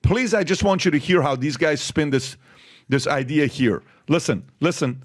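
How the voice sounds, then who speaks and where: A man's voice: a little high, normal speed, dry recording, studio quality. A man hosting a talk podcast, reading news items aloud and breaking in with pointed comments. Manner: reads headlines aloud, then breaks in with sharp asides. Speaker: podcast host.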